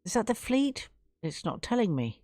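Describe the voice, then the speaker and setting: A woman's voice: medium pitch, very animated, moderate pace, a little mellow, no room sound, clean studio sound, soft background music. A woman from England hosting her own live stream, chatting casually and gushing her thanks to viewers.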